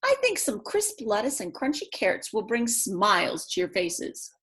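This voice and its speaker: A woman's voice: mid-range voice, big pitch swings, moderate pace, a bit bright. A woman voicing a bossy, know-it-all female rabbit from a read-aloud picture book, insistent and lecturing.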